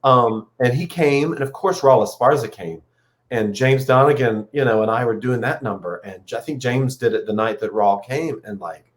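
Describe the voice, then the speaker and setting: A man chatting as a guest performer, telling an anecdote in a lively way and acting out the dialogue. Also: medium pitch, normal speed. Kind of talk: casual chat.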